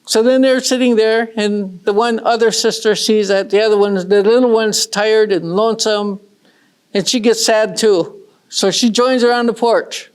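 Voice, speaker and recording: Woman storyteller, gentle and unhurried, traditional oral telling, plain repetitive phrasing. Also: mid-range voice, clean tone.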